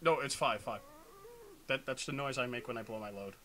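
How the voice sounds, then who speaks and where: A man's voice: mid-range voice, brisk, bright, forceful tone, a little hiss or hum. A young man co-hosting a let's play, rambling sarcastically and making crude jokes in casual gameplay commentary.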